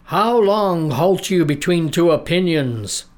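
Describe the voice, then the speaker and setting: A man doing a booming stern prophet. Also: darkish tone, close to an everyday voice. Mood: commanding. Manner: booming, solemn, slow proclaiming. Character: stern commanding male prophet, bold and defiant.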